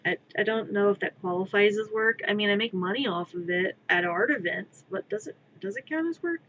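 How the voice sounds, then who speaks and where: A woman's voice: mid-range voice, expressive, a little fast, a bit bright, muffled recording, slight background noise. A woman streaming her crafting, chatting in a rambling, playful way from her own room, sometimes scolding her cat. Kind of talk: casual live-stream chatter.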